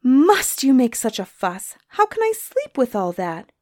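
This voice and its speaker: A woman voicing a strong-minded young village woman in a storybook, scolding with sharp retorts. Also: mid-range voice, wildly swooping pitch, normal speed, no room sound, clean studio sound.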